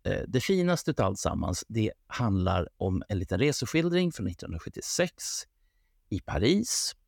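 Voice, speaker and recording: A man hosting a podcast, giving a relaxed recap with hesitant fillers. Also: on the low side, normal speed, vocal fry, slightly rough, no room sound, clean studio sound. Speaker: podcast host. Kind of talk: casual podcast commentary.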